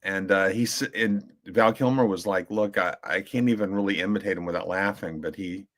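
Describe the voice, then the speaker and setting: A man's voice: low-pitched, steady tone, a bit bright. A man co-hosting a podcast in casual chat, telling stories in a rambling way with many restarts and fillers. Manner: briefly mimics slow drawling voices when quoting. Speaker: podcast co-host.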